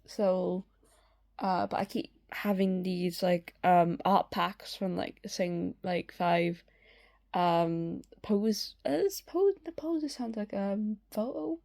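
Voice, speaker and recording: A young woman chatting casually at home through a sketchbook tour, rambling with many fillers and getting excitable. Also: medium pitch, slow, vocal fry. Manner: excitable, swears in bursts. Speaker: artist showing a sketchbook.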